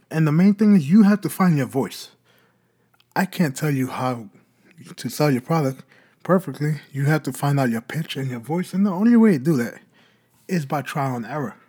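A man's voice: fairly high pitch, darkish tone, slightly rough. A man hosting a podcast, explaining in a casual talk and answering his own rhetorical questions. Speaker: podcast host.

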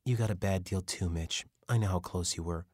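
A man voicing a grieving young mother who speaks softly and guardedly in an audiobook. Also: sits low, a little fast, slightly rough, dry recording, clean studio sound. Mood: subdued.

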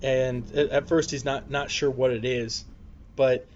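A man's voice: medium pitch, flat delivery, a little slow, darkish tone. A man playing a tabletop game, narrating his character's actions with tense, dramatic storytelling. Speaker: player. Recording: dull lo-fi mic.

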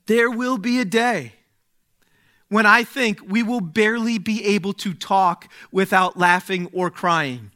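A man preaching a sermon, speaking slowly and deliberately, dropping to a hush and then rising to exclaim. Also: high-pitched. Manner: slow, deliberate, swings from hushed to exclaiming.

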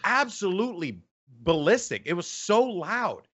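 A man who hosts esports events, telling an animated story in a casual interview, full of fillers and restarts. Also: high voice, measured pace. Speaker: esports event host and announcer.

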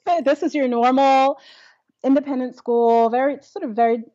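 A woman's voice: sits high, fairly even intonation, normal speed, mellow, no echo, lo-fi sound. A young adult woman, a classical singer, telling her story in a casual interview, laughing often and acting out quotes. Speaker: interview guest.

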